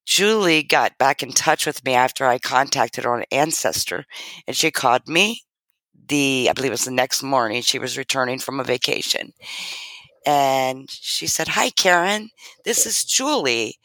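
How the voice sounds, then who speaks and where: A woman's voice: very deep voice, normal speed, fairly bright tone, no room sound. A middle-aged woman telling a heartfelt personal story as a guest in an interview, talking earnestly. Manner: earnest, heartfelt, acts out quoted dialogue. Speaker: guest sharing her story.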